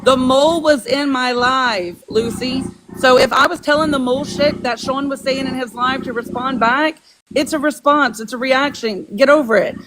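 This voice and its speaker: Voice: high voice, steady tone, moderate pace. Boston accent, livestream guest, casual call, blunt, insistent, noisy line. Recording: audible background noise.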